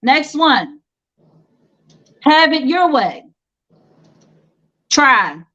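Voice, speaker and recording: Quiz host, female, playful and teasing, higher voice, unhurried, lo-fi audio. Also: big pitch swings, pushed and bright. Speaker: game show host. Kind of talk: casual quiz hosting.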